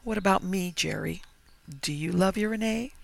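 A man's voice: high voice, normal speed, gravelly, no echo, pitched above the performer's own voice. A man voicing a seductive, mocking female ghost in a spoken horror story. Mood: seductive menace.

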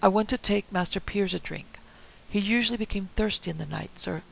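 A man's voice: high voice, fairly quick, gravelly, a bit bright, voice pushed up, rough recording. A man voicing an anxious woman servant who speaks deferentially and flusteredly.

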